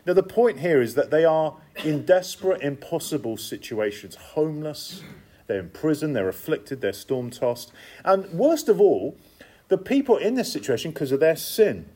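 Guy preaching a sermon, slightly high voice that jumps around a lot, emphatic, keeps repeating stuff, chatty asides. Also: moderate pace, breathy edge. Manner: lively, emphatic, repetitive cadence with conversational asides.

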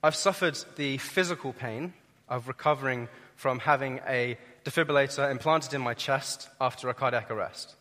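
A young man preaching a sermon, earnest and emphatic, swelling and dropping in loudness. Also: mid-range voice, moderate pace. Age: young adult. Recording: reverberant hall.

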